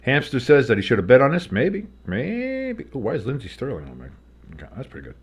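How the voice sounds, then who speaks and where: Racing along with big swings in pitch, a man's mid-range voice carries a breathy edge. He hosts a live sports stream, narrating plays and wandering into humorous casual chat.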